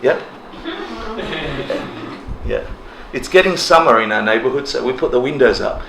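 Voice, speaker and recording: A man teaching a relaxed class, talking casually, laughing often and acting out people's reactions. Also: mid-range voice, measured pace, gravelly. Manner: animated, laughs often, acts out quoted reactions. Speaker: dharma teacher. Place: indoor class room. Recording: roomy echo, faint ambient noise.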